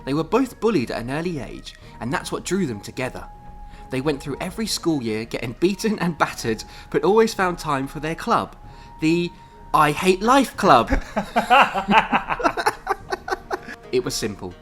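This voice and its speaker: A man's voice: a little high, moderate pace, pauses often, faint music behind. A man in his thirties, a podcast co-host reading his old story aloud with self-mocking commentary. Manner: animated, self-mocking, laughs often.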